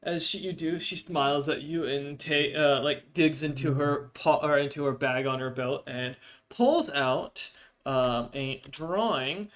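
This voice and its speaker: A man's voice: fairly high pitch, a little slow, fairly bright tone. Rambling man narrating a tabletop game. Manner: loose, rambling narration with many fillers. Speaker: game master.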